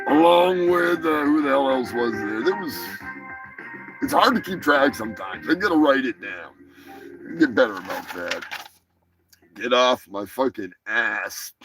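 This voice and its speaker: A man hosting a crude comedy show, rambling and swearing, with sudden yelling outbursts. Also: fairly high pitch, gravelly, rough recording.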